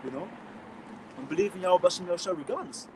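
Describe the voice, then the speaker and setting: German-accented man, street-preacher type, casual scripture talk, slightly high voice, faint noise behind. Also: lively intonation, fast. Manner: casual slangy talk with many restarts, reads verses louder. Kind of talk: informal scripture teaching.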